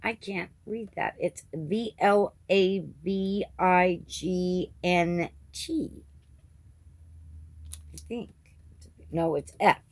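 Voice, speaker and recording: A woman's voice: on the low side, very slow, long pauses, no room sound. A woman hosting her crafting channel, chatting casually through an unboxing and gushing over each item with little gasps.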